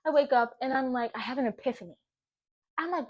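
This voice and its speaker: A young woman spilling a story in her home kitchen as she bakes. She talks casually and swears freely. Her voice is lively and animated, and she laughs often. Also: high voice, fast, highs cut off. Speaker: vlogger. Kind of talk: casual storytelling while baking.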